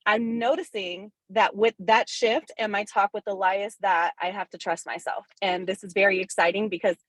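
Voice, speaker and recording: A woman real estate agent sharing her wins on a coaching call, candid, excited and quick to swear. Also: mid-range voice, no echo, poor audio. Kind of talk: casual testimonial in a coaching call.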